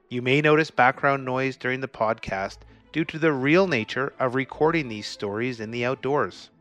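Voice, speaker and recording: A man's voice: mid-range voice, fairly bright tone. A man hosting a podcast, reading the intro and a sponsor message in an upbeat promotional way. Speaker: podcast host.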